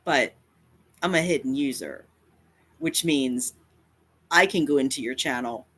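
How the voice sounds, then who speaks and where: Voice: mid-range voice, unhurried, fairly bright tone, breathy edge. A YouTuber speaking straight to camera in a confrontational rant, defiant and emphatic, often repeating lines for effect. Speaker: cat advocacy YouTuber.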